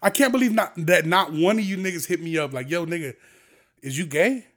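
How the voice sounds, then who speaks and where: A man's voice: sits high, a little fast. Heated, profane young man ranting. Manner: profane, heated, swings between mutters and shouts. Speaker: podcast host. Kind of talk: ranting podcast monologue.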